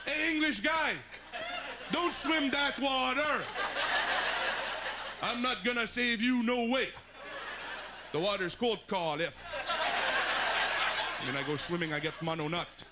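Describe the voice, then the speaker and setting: A gruff, unhelpful French-Canadian lifeguard, put on by a man in a comedy routine, shouting warnings in broken English. His voice is raised high over a roaring crowd. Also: lively intonation, slow pace, long pauses, heavy background noise, exaggerated voice. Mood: blunt shouting.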